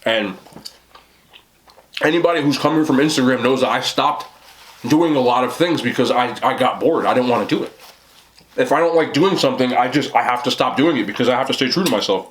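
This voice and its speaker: A young man chats away in a casual eating vlog, often talking through a mouthful of food and wandering from point to point. His voice sits at an ordinary middle pitch. Faint clicks and clinking dishes sound in the background. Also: a little fast, a little hiss or hum. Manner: talks with a mouthful, rambling and chatty. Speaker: mukbang vlogger. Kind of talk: casual talk while eating on camera.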